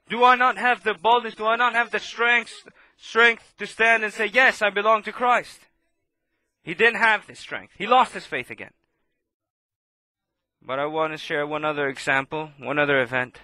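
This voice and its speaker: A man preaching a sermon, impassioned and swinging between loud outbursts and hushed asides. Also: high voice, fairly even intonation, normal speed, pauses often, no echo.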